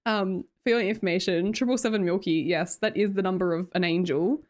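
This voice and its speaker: A woman's voice: mid-range voice, fairly quick, a little mellow. A young Australian woman chatting casually on a live stream, reading out chat, teasing viewers, laughing often and swearing casually. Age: young adult.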